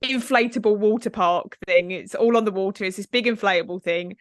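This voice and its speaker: A woman's voice: medium pitch, a little fast, dry recording, studio quality. A woman in her thirties co-hosting a podcast, telling stories in casual chat, laughing often and swearing freely. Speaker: podcast co-host.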